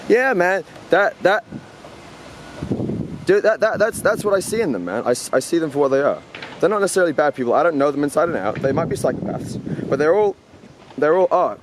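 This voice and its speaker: A young man rants off the cuff at a rapid clip, his voice going hoarse from talking so much. He is confrontational and rambling, stumbling over restarts and repeating words as he presses his point. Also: a little high, very animated, background noise. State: getting hoarse. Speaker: vlogger ranting. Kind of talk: heated off-the-cuff rant. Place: indoor university space.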